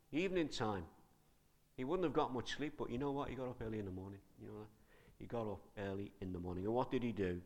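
A man preaching a sermon in a conversational, animated way, asking his listeners many questions. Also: on the low side.

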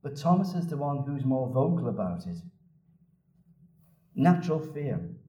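A man preaching a sermon, telling the story in a lively way and repeating phrases for emphasis. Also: medium pitch, measured pace. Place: church. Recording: echoey church room from a distance.

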